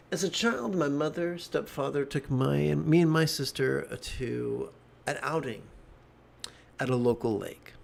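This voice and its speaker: A man's voice: medium pitch, vocal fry. A middle-aged man giving a livestreamed meditation talk, a wry, joking storyteller. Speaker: meditation teacher.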